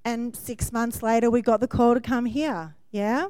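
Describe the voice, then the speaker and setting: A woman delivers a sermon in a fairly high, bright voice, chatty and personal, often checking in with a quick "yeah?". Her voice sounds close and dry, with no room echo. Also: steady tone, smooth. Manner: warm, conversational preaching with frequent "yeah?" check-ins and laughs. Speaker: preacher.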